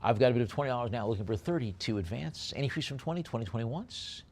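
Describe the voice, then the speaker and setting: A man calling a live auction, rattling off bids in a quick chant and slowing down to describe each lot. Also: medium pitch, lively intonation, darkish tone. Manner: rapid bid-calling chant alternating with slower item descriptions.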